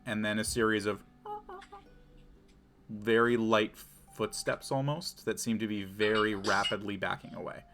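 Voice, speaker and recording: A man acting as game master, narrating a tabletop game in a measured, descriptive way. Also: on the low side, flat delivery, background noise.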